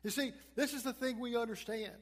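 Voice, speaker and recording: A high-pitched male pastor preaching in a husky voice. His sermon swings between emphatic peaks and hushed passages. The voice rings with the long reverb of a large hall. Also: fairly even intonation, brisk.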